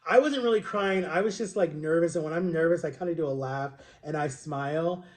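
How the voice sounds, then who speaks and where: A young man with a noticeably high voice chats through a long personal story for his vlog. He rambles and circles back, peppering his telling with "like" and "right?" as if talking to friends. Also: brisk. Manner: chatty, rambling retelling full of "like" and "right?". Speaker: vlogger. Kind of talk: casual storytelling to camera.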